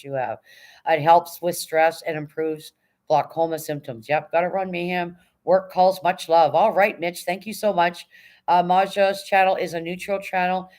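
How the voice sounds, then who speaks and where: A woman hosting a casual livestream, firmly but politely moderating her chat and reading messages aloud. She sounds tired. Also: low voice. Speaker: livestream host.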